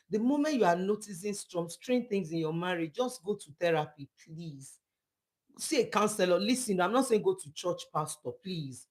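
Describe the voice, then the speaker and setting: A woman's voice: on the low side, animated, normal speed. A middle-aged woman, a counselor and church speaker, talking to viewers live in an emphatic, pleading, preachy way that repeats phrases. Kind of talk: impassioned live talk to viewers.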